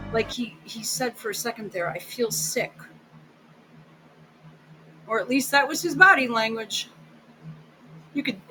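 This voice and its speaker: A woman hosts her own channel, talking over video clips in a blunt, sarcastic and profane way. Her voice sits a little high and jumps around a lot in pitch. Music plays clearly underneath her. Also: low-quality recording. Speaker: channel host.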